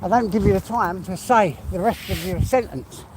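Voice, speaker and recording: A man's voice: sits high, normal speed. A man with an East London accent, chatting casually and rambling while he walks his dog on a busy street. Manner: rambling, chatty, mild swearing. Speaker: vlogger. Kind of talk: casual live chat while walking a dog. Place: outdoors on an urban street with traffic. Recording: outdoor street noise and traffic.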